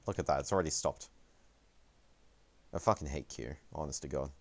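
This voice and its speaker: Deep-voiced man rambling on a livestream. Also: fairly quick. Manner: rambling, profane, self-deprecating. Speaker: esports player and streamer. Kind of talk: livestream commentary.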